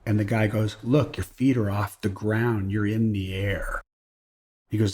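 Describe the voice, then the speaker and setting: A man's voice: on the low side, moderate pace, darkish tone, slightly rough. A middle-aged man, a guest on an interview show, telling an anecdote casually and acting out the voices of the people he quotes. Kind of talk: casual storytelling.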